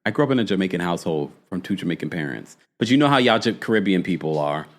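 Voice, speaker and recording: Male recap host, New York accent, lively swooping pitch, quick laughs, reads chat live. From United States. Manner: animated, laughs often, acts out quotes in a high voice. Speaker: podcast host recapping a reality show. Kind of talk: live recap chat reading viewer comments.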